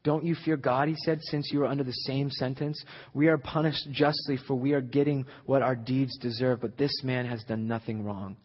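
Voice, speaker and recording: A man preaching a sermon as a guest speaker, conversational at times and building to loud, emphatic peaks. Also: medium pitch, fairly even intonation, moderate pace, hardly any pauses. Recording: echoey hall, slightly dull sound.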